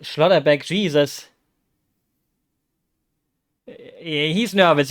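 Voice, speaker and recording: A fairly high-voiced man, chattering through a live football watch-along as a vtuber. His talk rambles and restarts, then jumps into loud, excited exclamations. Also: takes it slowly, long pauses, clean tone. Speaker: vtuber streamer.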